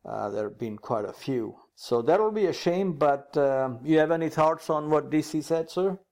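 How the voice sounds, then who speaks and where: A man co-hosting a motor racing podcast, reading news items in a lively, joking manner and calling his partner "sir". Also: a little high, normal speed, creaky. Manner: animated, calls partner "sir". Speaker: podcast co-host. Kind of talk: casual news chat.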